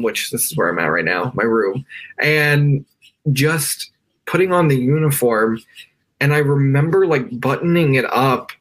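A man's voice: medium pitch, a bit bright. A man from the United States, a podcast guest, telling a personal story from his bedroom over a video call, with lots of fillers and restarts. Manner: emotional, many fillers and restarts. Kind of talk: conversational storytelling.

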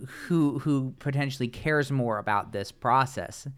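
A man co-hosting a podcast, chatting casually and sarcastically about a reality show, with halting restarts. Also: mid-range voice, clear, resonant tone. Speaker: podcast co-host. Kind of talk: casual podcast recap chat.

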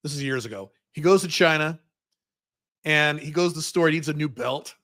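A man's voice: fairly high pitch, a little fast, fairly bright tone. A man hosting a livestream Q&A, answering viewer questions in a blunt, profane, opinionated way. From United States.

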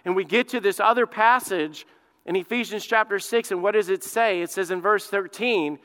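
A man preaching a sermon from the pulpit, emphatic and stirring, who rises to loud repeated exclamations. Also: high voice, normal speed, clear, resonant tone. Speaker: pastor. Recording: church hall reverb.

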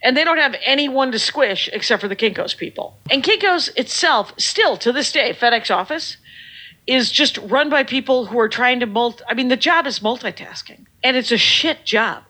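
A woman in her fifties telling a lively, profane story in a casual chat, often laughing. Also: high voice, moderate pace, low-quality recording. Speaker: podcast guest.

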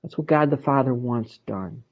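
A man's voice: mid-range voice, normal speed. A man teaching a Bible study in an emphatic way, repeating words for stress. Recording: dull lo-fi recording.

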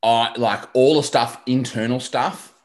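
A man's voice: mid-range voice, steady tone, a little slow. A man, a confidence coach chatting casually as a podcast guest, rambling with many fillers and restarts.

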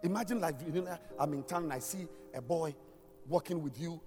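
A man preaching a sermon as a pastor. He talks emphatically in a sing-song cadence and swings from shouts down to near-murmurs. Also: a little high, a little fast. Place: church hall. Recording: long hall reverb with faint music.

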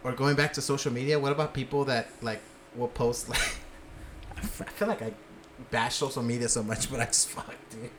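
A man's voice: mid-range voice, a little fast, fairly bright tone, slight background noise. A man hosting a casual podcast chat, joking and teasing his guests.

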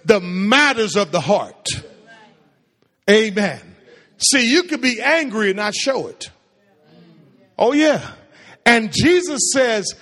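A man's voice: high voice, lively intonation, slow, long pauses, fairly bright tone, big-room sound. A man preaching a sermon to a congregation, firing questions at them and drawing call-and-response replies. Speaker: pastor.

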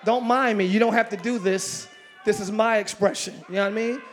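A man pastor preaching a lively sermon, swinging between loud shouted lines and quiet joking asides with the congregation, breaking into ecstatic exclamations. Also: high-pitched, brisk, a faint crowd, a little hiss or hum. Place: large church sanctuary with congregation.

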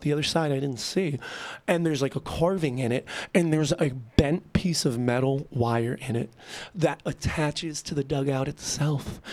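A young man telling a rambling, excitable story into a computer mic, swearing constantly. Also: a little high. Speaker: vlogger. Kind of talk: casual rambling monologue. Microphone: computer mic at a keyboard.

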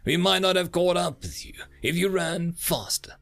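A man voicing a slender young man who sounds calm and sinister. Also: high-pitched, moderate pace, vocal fry, soft background music, pitched above the performer's own voice, exaggerated voice.

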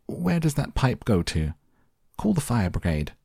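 A man voicing a shrill, furious middle-aged mother who shrieks in indignation. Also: moderate pace, mellow, slightly rough, no room sound, studio quality.

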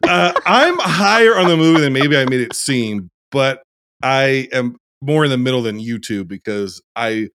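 A man's voice: medium pitch, lively intonation, moderate pace, a bit bright. A man hosting a casual film discussion podcast, wry and joking. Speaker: podcast host.

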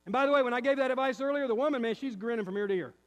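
A pastor in his fifties preaches to his church, telling a story with lively acted-out quotes. His man's voice sits notably high. The sound carries the long reverb of a church sanctuary. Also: very fast, muffled recording. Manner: animated storytelling, acts out quotes. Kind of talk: sermon with personal story.

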